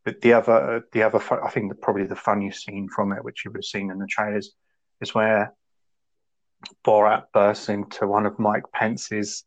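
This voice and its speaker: A man co-hosting a podcast, rambling casually and acting out quotes in sudden high voices. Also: flat delivery, moderate pace, muffled recording. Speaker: podcast co-host. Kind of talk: casual chat.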